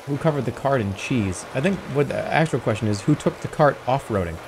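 A man with a medium-pitched voice talks animatedly and a bit fast against background noise. Streaming a video game, he chats casually with viewers, rambling, joking, and slipping into silly voices.

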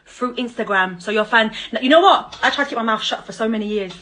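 A woman ranting at her child's father on a live stream, confrontational and mocking, swearing and bursting into loud laughter. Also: a little high, fast, rough recording. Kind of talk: angry live-stream rant.

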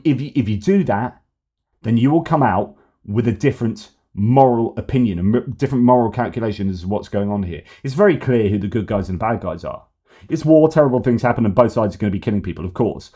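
A man's voice: on the low side, breathy edge. Fired-up man ranting. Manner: ranting, animated, argumentative. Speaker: news commentary host. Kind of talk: opinionated news commentary.

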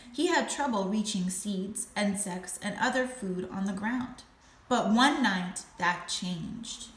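Woman teacher reading a storybook aloud to a class, bright voice, echoey room, faint hiss. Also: medium pitch. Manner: slow, expressive reading.

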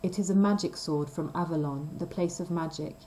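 A woman reading the lines of a wise old male wizard in a storybook reading, calm and instructive. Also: fairly low pitch, a little fast, a little hiss or hum, natural voice, poor audio.

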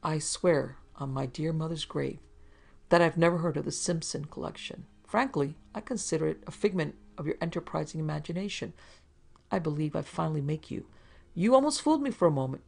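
A woman voicing a fat, smooth-talking male crook who is mock-polite and menacing. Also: sits low, brisk, a little mellow. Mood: smug.

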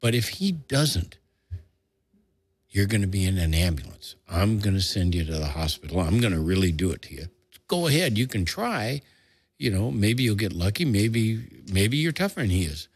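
A man's voice: fairly low pitch, very animated, normal speed, husky, no room sound, full character voice. An older man quoting his burly, blunt big brother. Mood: threatening.

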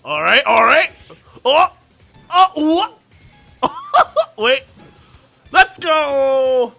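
A young man giving excited, laughing commentary while playing a game with a friend. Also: very high-pitched, drawn-out words, gravelly, soft background music. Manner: shouting, laughing, hyped. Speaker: gaming YouTuber.

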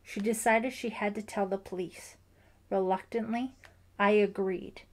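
Woman reading a grieving protective dad, emphatic and pained, slow. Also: medium pitch, fairly even intonation, natural voice. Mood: anguished. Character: distraught middle-aged father, protective and grieving.

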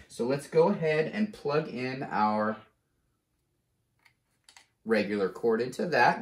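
A man hosting a casual how-to video, explaining each step slowly and checking in with "okay?" as he goes. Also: mid-range voice. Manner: slow, deliberate step-by-step explaining; frequent "okay?" check-ins. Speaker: tech tutorial host. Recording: roomy, echoey room sound.

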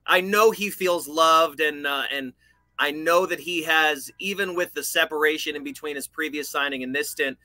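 A man's voice: on the high side, moderate pace, bright, forceful tone, dry recording, rough recording. A man co-hosting a sports podcast, giving upbeat, plain-spoken opinions. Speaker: podcast co-host. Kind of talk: casual sports podcast chat.

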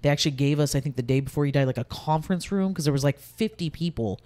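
A woman's voice: low voice, quick pace, warm tone. A woman in her thirties, a podcast guest, telling a personal story candidly in casual conversation, with many fillers. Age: 30s.

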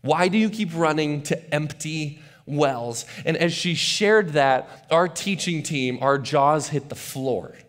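A male pastor preaching a sermon to his church in a casual, animated way, often restarting and repeating words. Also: a little high, slow pace, few pauses. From not from West Michigan. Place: church auditorium.

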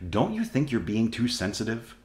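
Casting: a man doing a desperate apologetic ex, lively pitch, echoey room. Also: moderate pace, lightly acted. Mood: pleading. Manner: pleading, apologetic. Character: remorseful broke ex-husband pleading.

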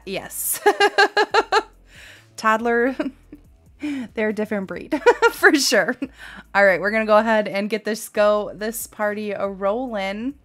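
A woman's voice: mid-range voice, a bit bright. A woman in her thirties streaming a game live, chatting with viewers, laughing often and crying out while she plays.

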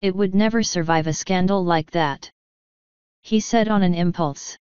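A woman narrating an audiobook in a measured, even way. Her voice is low and exceptionally clear. The recording is dry and a little dull. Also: dry recording. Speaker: audiobook reader.

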